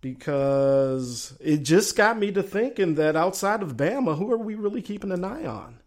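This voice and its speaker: A man with a Southern drawl hosts a laid-back sports talk show. His voice sits a touch higher than most men's, and he rambles in a folksy way, musing over teams and reading out chat comments. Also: animated, normal speed.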